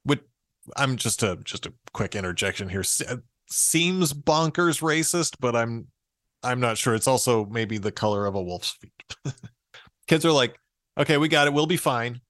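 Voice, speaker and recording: A man's voice: medium pitch, lively intonation, unhurried, a bit bright, dry recording, clean studio sound. A man co-hosting a podcast, casually retelling a fairy tale and laughing often as he reads. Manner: amused, laughs often while reading. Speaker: podcast co-host.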